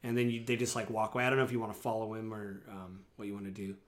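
A man's voice: fairly low pitch, flat delivery, racing. A man narrating a tabletop game as game master, rambling with many fillers.

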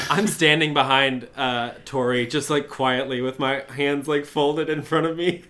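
A woman playing a tabletop game, wry and deadpan. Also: extremely low pitch, a little slow.

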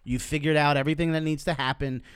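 A man co-hosting a podcast with a smooth, clear voice, recorded close and dry. He speaks earnestly as he sums up the conversation. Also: on the high side, steady tone, fast talker, dry recording. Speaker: podcast co-host. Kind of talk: casual podcast chat.

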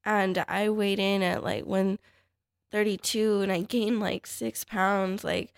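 A woman's voice: mid-range voice, level tone, slow, creaky, no echo, studio quality. A woman, a fighter guest, chatting casually and hesitantly, with many fillers and restarts. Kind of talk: casual podcast chat.

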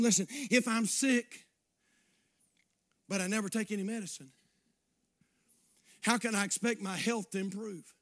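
A man preaching a sermon in a folksy way, dropping to quiet asides and rising to shouts. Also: high-pitched, animated, moderate pace, long pauses. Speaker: pastor.

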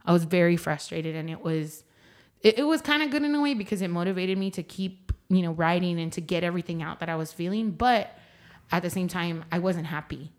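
A young woman answers interview questions in a reflective way, with a lowish voice for a woman. She circles back over her words as she thinks aloud. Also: fairly quick. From San Antonio, Texas. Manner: thoughtful, repeats phrases as she thinks aloud. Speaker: singer-songwriter guest.

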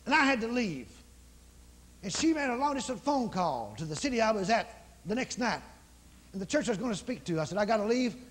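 A man preaching a fervent revival sermon, calling people forward and praying over them in a husky voice. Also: sits high, very animated. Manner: fervent, shouting praise, rapid calls to come forward. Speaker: evangelist. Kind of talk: revival sermon with healing prayer. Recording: live in a large hall with long reverb.

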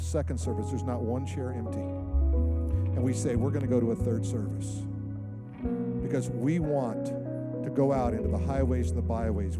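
With a mid-range voice, a pastor preaches a lively sermon and performs the voices of those he quotes.

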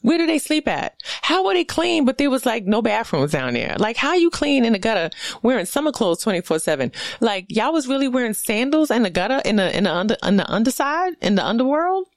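A woman from the US East Coast hosting a casual solo podcast, riffing in an animated, profane, sarcastic way. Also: fairly high pitch, brisk, hardly any pauses, no echo, clean studio sound. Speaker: podcast host.

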